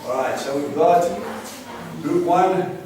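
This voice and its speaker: A man giving an earnest, animated bible teaching to a congregation and asking them questions. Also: a little high, slow pace. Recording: echoey room from a distant mic, noisy.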